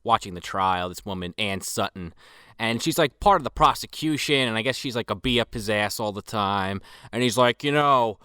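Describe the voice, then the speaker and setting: A man with a bright, crisp voice mocks a film in casual podcast chat. He sounds incredulous and swears freely, recorded dry and close. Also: fairly low pitch, moderate pace, no room sound. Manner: mocking, incredulous, profane. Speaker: podcast co-host. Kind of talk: casual movie review chat.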